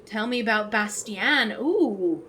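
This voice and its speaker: A woman's voice: on the high side, lively intonation, takes it slowly, pushed and bright, a little hiss or hum. Chatty woman commenting on gameplay. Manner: chatty, enthusiastic, full of fillers and restarts. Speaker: let's play host.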